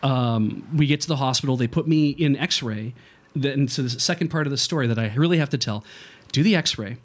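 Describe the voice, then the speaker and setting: A man's voice: medium pitch, fairly quick. A man casually telling a childhood story on a podcast, acting out the voices of people in it and laughing often. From Canada.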